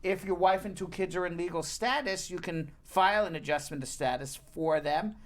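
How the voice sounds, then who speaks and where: A man's voice: high voice, normal speed. Man, talk-show host, playful, teasing, casual live-stream chat. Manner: playful, teasing, reads out viewer names.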